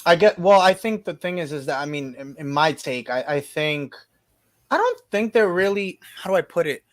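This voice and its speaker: Sex: man. Role: chatty live stream host. Pitch: slightly high. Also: moderate pace. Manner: animated and chatty, with frequent restarts. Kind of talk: casual chat.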